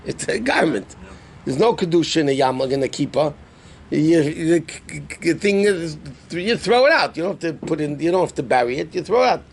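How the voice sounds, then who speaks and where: A rabbi teaching a live class on Jewish law, explaining terms conversationally and asking the class questions. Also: male voice, a little high, expressive, fairly quick, slight background noise. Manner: answers student questions.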